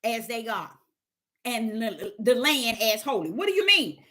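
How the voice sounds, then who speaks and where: A woman's voice: fairly high pitch, very animated, unhurried, bright, forceful tone. A woman teaching the Bible on a livestream, emphatic and repetitive, firing rhetorical questions at her chat.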